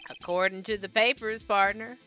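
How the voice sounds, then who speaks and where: A woman voicing a drawling cowboy-style male police officer with a slow, theatrical Southern drawl. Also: medium pitch, fairly even intonation, bright, forceful tone, faint music behind, close to an everyday voice. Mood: laconic.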